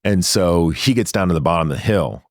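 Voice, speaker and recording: A man telling his own story in a studio interview, animated and acting out the dialogue, laughing often. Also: low-pitched, brisk, no room sound. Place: sound studio. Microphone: studio microphone.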